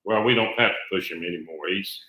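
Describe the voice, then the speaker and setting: A man's voice: deep voice, fast talker, bright, forceful tone. A man in his forties from Alabama with a Southern US accent, co-hosting a live stream in an easygoing, friendly way with plenty of uhs. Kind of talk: casual live-stream chat. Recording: echoey room.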